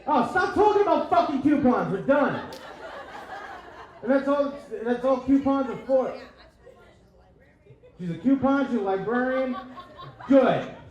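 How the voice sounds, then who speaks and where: A man doing stand-up comedy, with a profane rant style and shouted bursts, acting out dialogue. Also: extremely high pitch, lively intonation, a little slow, long pauses, muffled recording. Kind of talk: stand-up set. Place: comedy club stage. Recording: echoey club with crowd laughter. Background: audience laughing.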